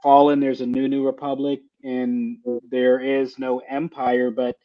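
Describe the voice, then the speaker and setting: A man's voice: medium pitch, monotone, unhurried, muffled recording. A man co-hosting a podcast, talking loosely and hesitantly with many fillers. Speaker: podcast co-host. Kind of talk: casual review chat.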